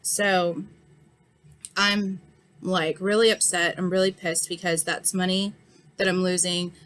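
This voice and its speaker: A woman in her thirties, her eye swollen from an injury, talks through an incident in a casual storytime vlog. Her fairly low voice has a fairly bright tone, and she speaks frankly and heatedly, using many fillers.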